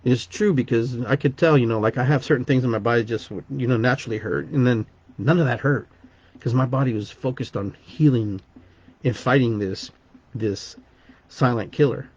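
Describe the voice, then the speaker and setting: A man's voice: medium pitch, moderate pace, a little mellow, breathy edge, highs cut off. A man hosting a podcast, telling a personal story in a rambling way, often repeating words and restarting sentences. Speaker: podcast host.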